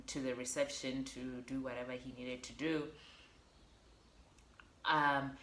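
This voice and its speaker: Low-voiced woman telling a lively story. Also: echoey room, a little hiss or hum. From Botswana. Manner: animated, acts out quotes, addresses viewers as guys. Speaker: vlogger. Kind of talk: storytelling vlog.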